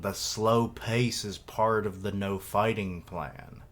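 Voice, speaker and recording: A man's voice: lowish voice, steady tone, takes it slowly. A man on a casual live reaction stream, rambling and joking as he reads comic dialogue aloud.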